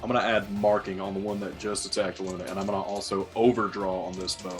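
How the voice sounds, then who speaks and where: Man, tabletop player, low voice, counts rolls aloud, faint music behind. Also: little pitch movement, quick pace. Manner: counts dice rolls out loud. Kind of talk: casual tabletop play.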